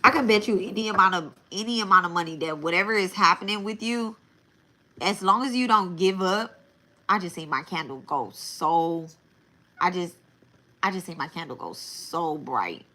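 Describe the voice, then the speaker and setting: A woman reading tarot on a live stream, talking casually and bluntly with plenty of restarts. Her voice sits on the low side yet sounds bright and forceful. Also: moderate pace. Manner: casual, repeats and restarts phrases; blunt, swears. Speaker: tarot reader.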